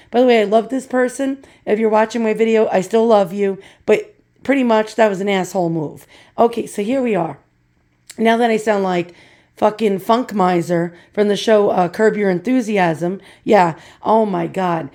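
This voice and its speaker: A hoarse woman hosting a vintage glass video, with a creaky, croaky voice she is losing. She rants profanely and jokes at her own expense. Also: medium pitch, moderate pace, dark tone. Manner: profane, ranting, self-deprecating. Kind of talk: casual vlog talk.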